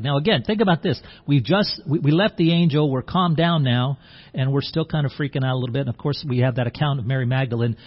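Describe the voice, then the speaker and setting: A man's voice: on the high side, brisk, husky, lo-fi sound. A man preaching a sermon in a conversational way, acting out the scene and often restarting his words. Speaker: pastor.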